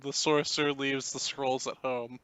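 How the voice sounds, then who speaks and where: A man running a tabletop game as game master, narrating in a relaxed, amused way. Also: mid-range voice, a little slow, background noise.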